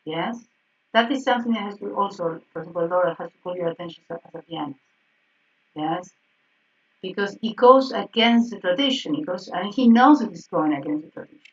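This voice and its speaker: A woman's voice: lowish voice, brisk. Woman teaching harmony over a distant call. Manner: animated, frequent "yes?" checks and self-corrections. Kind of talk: online class correcting exercises. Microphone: video call. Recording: distant, dull video-call audio.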